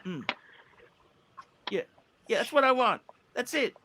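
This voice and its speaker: A man's voice: very high-pitched, expressive, unhurried, pushed and bright, slight background noise. A man hosting a livestream, ranting angrily about a restaurant, swearing and repeating himself. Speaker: livestream host. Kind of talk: livestream rant.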